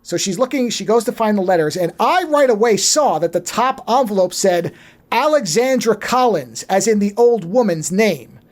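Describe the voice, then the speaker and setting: A podcast co-host recapping a film in casual chat, animated and profane, acting out the characters' lines as the story goes. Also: mid-range voice, moderate pace. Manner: animated storyteller, swears freely.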